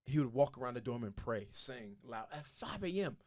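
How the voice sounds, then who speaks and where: A man's voice: mid-range voice, sing-song, moderate pace, a little mellow, no echo, clean studio sound. A young man, a podcast guest, telling his faith story in a casual, earnest way and acting out the voices of the people in it.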